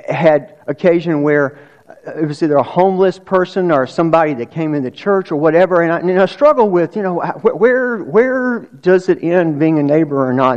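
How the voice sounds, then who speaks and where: A man's voice: a little high, darkish tone, muffled recording. A male pastor preaching a sermon in a conversational way, with restarts and rhetorical questions.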